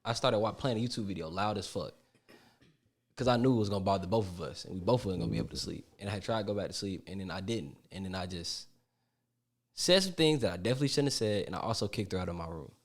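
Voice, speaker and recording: A man's voice: sits low, lively intonation, quick pace. A young man co-hosting a podcast, telling his side of a story in candid, slangy casual chat. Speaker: podcast co-host.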